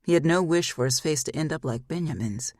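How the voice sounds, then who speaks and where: Woman narrator, husky voice, dry close sound, fantasy audiobook reading. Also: deep voice, brisk, a little mellow, no room sound. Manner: acts out each character's lines.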